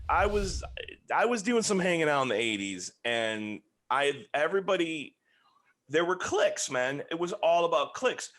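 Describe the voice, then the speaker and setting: Animated joking man in his forties. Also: fairly high pitch, unhurried. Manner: animated, joking, voices other people. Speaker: podcast guest. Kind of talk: casual chat.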